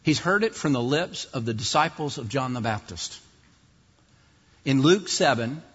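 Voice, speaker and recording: A man preaching a sermon in an explanatory, lively way, at times acting out other voices mockingly. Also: medium pitch, slightly rough. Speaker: pastor. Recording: dull distant sound in a reverberant hall.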